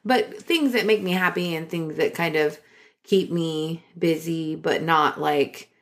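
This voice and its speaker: A woman's voice: low-pitched, a little slow. A woman co-hosting a podcast, talking in a chatty, rambling way with lots of fillers. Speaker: podcast co-host. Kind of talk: casual chat.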